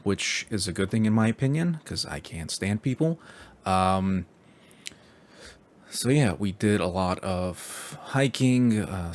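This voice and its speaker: A young man from New York City talking to camera in a loose, rambling vlog style. His voice sits on the low side. He fills pauses often and keeps a wry, crude tone throughout. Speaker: vlogger. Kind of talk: casual rambling chat.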